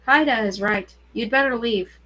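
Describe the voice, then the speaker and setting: A woman's voice: on the high side, moderate pace, pushed and bright, poor audio. A woman reading aloud, voicing a blunt but kind teenage girl who is the eldest of her group and speaks in a firm, matter-of-fact way. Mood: regretful.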